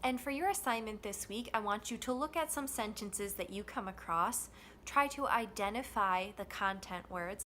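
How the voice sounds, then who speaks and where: A woman with a mid-range, fairly bright voice teaches an English pronunciation lesson, modeling stress and rhythm through slow, deliberate phrasing. A little hiss or hum is audible.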